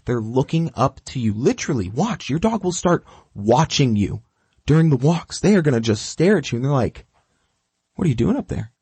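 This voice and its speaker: A man's voice: medium pitch, very animated, moderate pace, a little mellow, husky, no echo. A man working as a dog trainer, giving emphatic instructions and checking in often with the listener. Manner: emphatic, keeps checking in with "okay?". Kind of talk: instructional talk.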